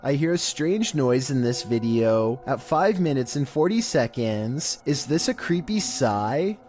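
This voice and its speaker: A man hosting and narrating a scripted countdown in a steady monotone delivery. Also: medium pitch, unhurried, soft background music. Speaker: host and narrator.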